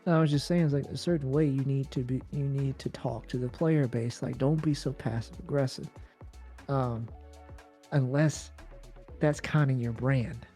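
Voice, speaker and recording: A man's voice: mid-range voice, steady tone, normal speed, mellow, soft background music. A man co-hosting a gaming news show in loose, chatty talk, full of fillers and laughs. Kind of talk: casual chat.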